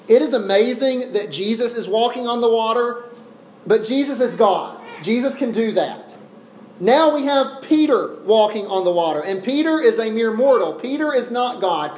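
A man preaching an expository sermon, earnest, slowing down and pausing to press each point. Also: high voice, darkish tone. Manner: earnest, with deliberate slow pauses for emphasis. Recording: echoey room with faint ambient noise.

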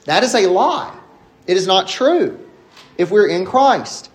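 High-voiced guy preaching a sermon, emphatic, slows way down on the big lines. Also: sing-song. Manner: emphatic, rising and falling in pitch, slowing on key phrases. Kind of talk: expository sermon.

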